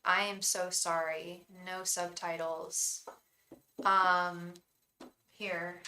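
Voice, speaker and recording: A woman's voice: on the low side, little pitch movement, drawn-out words, bright, forceful tone, echoey room, a little hiss or hum. A woman hosting a live tarot stream, chatting effusively with viewers, greeting them by name and stopping to restart her sentences. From England. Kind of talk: casual live-stream chat.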